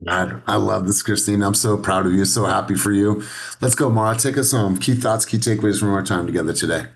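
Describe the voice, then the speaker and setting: Man, sales coach, low voice, earnest, encouraging, video call. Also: fairly even intonation, brisk, gravelly. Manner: earnest, encouraging, asks many questions. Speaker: sales coach leading a session. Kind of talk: coaching talk.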